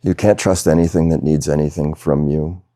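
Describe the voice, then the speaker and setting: A man giving a satsang talk as a spiritual teacher, speaking slowly and reflectively with pauses and soft laughs. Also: very deep voice, steady tone, no room sound, clean studio sound. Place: video call session.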